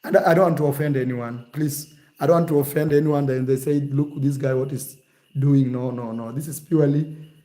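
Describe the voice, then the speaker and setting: A man talking casually and teasingly in a vlog, animated and jokey. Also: mid-range voice, normal speed. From Kenya. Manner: animated, teasing, shifts to mock accents. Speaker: vlogger.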